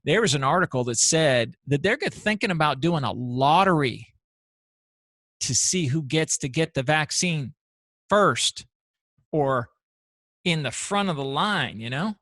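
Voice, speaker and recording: Gravelly, animated male commentator. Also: fairly high pitch, unhurried, no echo. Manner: animated, rambling with restarts. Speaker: show host. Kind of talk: opinionated solo commentary.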